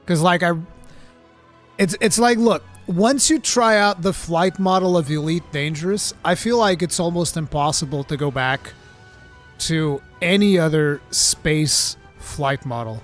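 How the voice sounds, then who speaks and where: A man hosting a live gaming talk stream, reading chat questions and chatting casually in an animated, rambling way. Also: on the high side, a little slow, faint music behind. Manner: animated, excitable, rambling with restarts.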